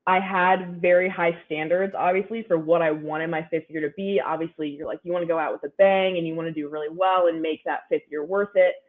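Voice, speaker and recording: A young woman in her twenties, an athlete guest giving upbeat, chatty interview answers full of "like"s. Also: low-pitched. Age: 20s. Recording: phone-like narrow line.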